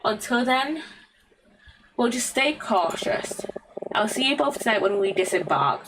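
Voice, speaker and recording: A British woman voicing a kindly, protective older male professor in a video game, in a gentle, earnest reading. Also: a little high, expressive, a little slow, noisy background. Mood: concerned, gentle.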